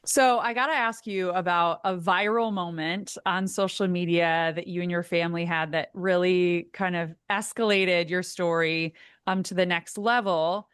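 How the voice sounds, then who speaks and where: A woman's voice: lowish voice, steady tone, normal speed, a bit bright, clear, resonant tone, no echo, clean studio sound. A woman hosting a podcast interview, asking questions and speaking emphatically. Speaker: podcast host. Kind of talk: conversational interview.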